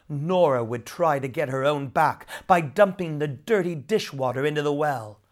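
A storyteller reading a children's storybook aloud in an expressive, unhurried way. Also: mid-range voice.

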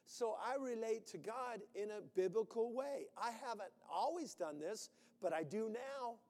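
Male preacher, high voice, animated delivery with bursts of shouting, long hall reverb. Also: a little slow. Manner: animated, acting out anxious voices with sudden shouts. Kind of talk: sermon.

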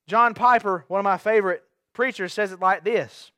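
Young preacher guy, really high voice, dry close sound, fired up and repeating himself. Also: moderate pace, pushed and bright, no room sound. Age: young adult. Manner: fervent, repetitive rallying cries. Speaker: pastor. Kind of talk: sermon. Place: church sanctuary.

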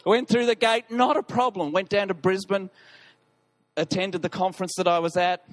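A man preaching as a pastor, telling a personal story in an animated, self-deprecating way. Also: high voice, normal speed.

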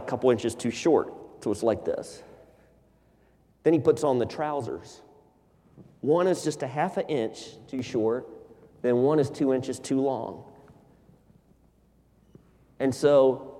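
A male pastor preaching a sermon in a church, telling stories with animated delivery. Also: medium pitch. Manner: animated storyteller, acts out scenes. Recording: long hall reverb.

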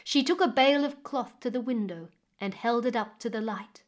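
A woman narrating a fairy tale expressively with dramatic pauses, as a storyteller reading a book. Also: fairly high pitch.

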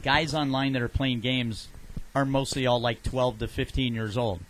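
A man's voice: medium pitch, fairly even intonation, poor audio. Rambling storytelling man hosting radio. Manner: rambling storyteller, quick asides and restarts. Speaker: radio show host. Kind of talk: casual radio chat.

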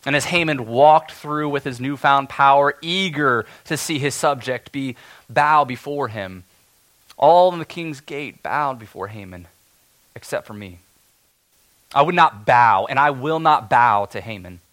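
A steadfast, defiant elder tells his own tale , as a man performs him in a dramatic monologue. He speaks earnestly, rising to ringing declarations and sinking to hushed, tense lows. His voice sits at an ordinary male pitch. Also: measured pace. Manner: earnest, stirring, swings between loud declarations and hushed tension. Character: steadfast, defiant elder of the king's gate, in first person. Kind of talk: dramatic first-person biblical monologue.

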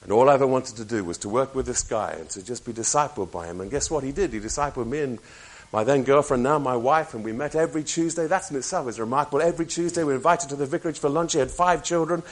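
A man's voice: mid-range voice, fast talker, hardly any pauses. A man in his sixties, a preacher, giving a personal testimony with wry, self-mocking humor.

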